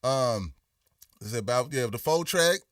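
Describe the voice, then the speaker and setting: Reading viewer comments on a casual livestream, a middle-aged man from Memphis, Tennessee drawls in a laid-back way and keeps saying "you know what I'm saying", his voice somewhat worn from performing. His mid-range voice is expressive, unhurried and fairly bright. The studio-quality recording has no room sound and was made from a distance.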